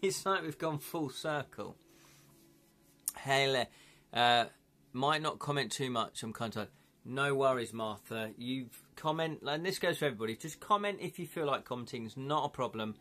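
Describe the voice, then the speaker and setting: A man's voice: mid-range voice, moderate pace, bright, forceful tone. A man hosting a casual live stream, chatting with viewers, laughing often and reading their comments aloud. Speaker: livestream host.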